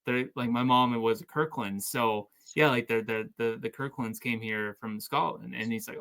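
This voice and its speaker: A man from Canada, hosting a casual podcast and telling stories with lively, stumbling restarts. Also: medium pitch, normal speed. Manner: storytelling, animated, stumbling restarts. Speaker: podcast host.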